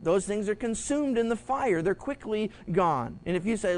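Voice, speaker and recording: A male pastor with a high voice for a man, teaching scripture in a loose, conversational way. He stumbles and restarts, then bursts into little acted-out quotes. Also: moderate pace, few pauses, rough recording. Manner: animated, acts out quoted voices. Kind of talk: Bible study sermon.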